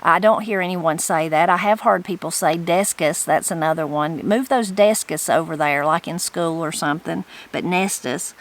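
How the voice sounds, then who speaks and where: A woman with an Appalachian accent hosting a regional culture channel, reading dictionary entries aloud and commenting on them in a relaxed, chatty way with loose restarts. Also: on the low side, normal speed, hardly any pauses, low-quality recording.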